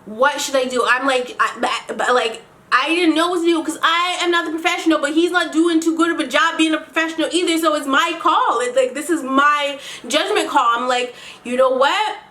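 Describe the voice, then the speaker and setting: A woman's voice: high voice, a little fast, pushed and bright. A young woman from Canada telling a storytime vlog, profane and dramatic, ranting with plenty of swearing. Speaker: vlogger.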